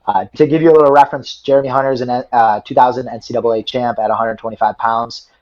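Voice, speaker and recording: A man's voice: mid-range voice, steady tone, fast talker, darkish tone. A young man, a wrestler guest, telling a story casually and rambling, with many fillers and repeated words. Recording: dull lo-fi audio.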